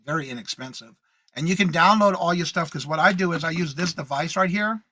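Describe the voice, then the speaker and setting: A man co-hosts a morning live stream in a bright, slightly high voice, recorded dry and close. He chats casually, reads viewer comments aloud and welcomes each viewer by name with the same greeting, all in an upbeat tone. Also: a little fast, dry recording.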